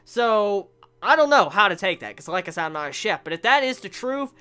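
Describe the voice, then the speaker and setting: Animated, profane woman reviewer. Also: mid-range voice, clear, resonant tone. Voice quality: blunt and profane. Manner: animated, stammering restarts, drawn-out rhetorical questions. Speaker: anime reviewer. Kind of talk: casual video review. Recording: faint music behind.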